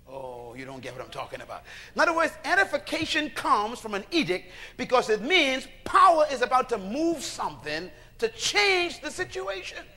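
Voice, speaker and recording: Preaching to a congregation in a high voice, this man is emphatic and animated. He calls for responses and sometimes shouts a line.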